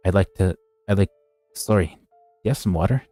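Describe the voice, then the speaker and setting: A man reading as a polite undercover agent who sounds careful and a bit hesitant. The voice is low and mellow. Faint music plays behind him. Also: normal speed, no room sound, lightly acted. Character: undercover male corporate agent, polite, wary.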